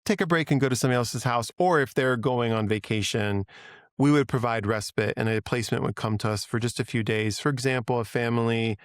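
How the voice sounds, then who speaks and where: Casting: middle-aged man, smooth clear voice, dry close sound, earnest and chatty guest. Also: mid-range voice, fairly quick, dry recording. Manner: earnest, chatty, laughs easily. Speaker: podcast guest. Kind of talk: casual interview conversation.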